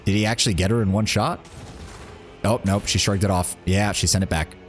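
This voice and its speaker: A man's voice: on the low side, fairly even intonation, brisk, faint music behind. A man streaming a game live, casually thinking aloud and reacting with surprise as he plays. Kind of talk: live gameplay commentary.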